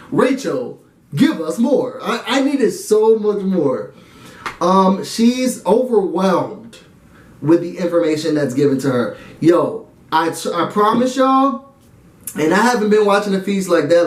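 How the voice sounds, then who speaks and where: Animated high-voiced man recapping a show. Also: a little slow, roomy sound. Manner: animated, dramatic and slangy, talks to viewers directly. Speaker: reality TV YouTube reviewer. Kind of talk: casual episode recap and review.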